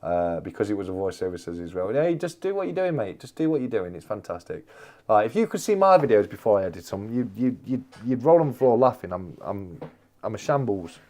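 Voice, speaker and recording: A man's voice: on the low side, sing-song, fairly quick, a little mellow. A man hosting a casual live chat, answering viewers and repeating his phrases with plenty of "mate.". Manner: chatty, repeats phrases, calls everyone mate. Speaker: livestream host.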